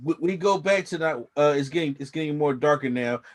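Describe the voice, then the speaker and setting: A man's voice: a little high, fairly quick, background noise. A man co-hosting a casual review chat, rambling with slang and frequent restarts. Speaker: co-host reviewing a TV episode.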